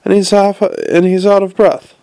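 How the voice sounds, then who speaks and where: Narrator as a distrustful stable hand, raised and gravelly. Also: male voice, high-pitched, animated, moderate pace, dark tone, no echo, voice pushed up. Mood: suspicious. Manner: suspicious, questioning. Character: suspicious slow-witted stable hand, man.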